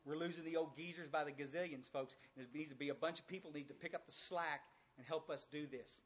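A blunt older man with a drawl speaks to a large audience in a folksy recovery talk. His voice is husky and sits a little high for a man. He keeps repeating phrases and throwing direct questions out to the room. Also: fairly even intonation, fast. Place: large room with a few hundred listeners.

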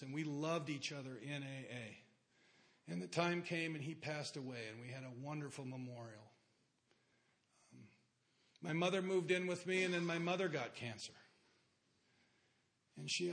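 Middle-aged guy telling his story at a meeting, plain talk, dark jokes, bit higher voice. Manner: plain-spoken, rhetorical questions to the audience, dry dark humor. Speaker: speaker sharing his story at a recovery meeting.

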